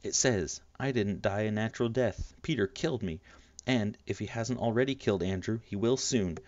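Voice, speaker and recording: A defiant, sharp-tongued young girl, as a man reads her out. The voice sits on the low side and cuts rather than shouts. The recording is dull, lo-fi and dry, with no room sound. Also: moderate pace, dry recording, lightly acted. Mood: cold.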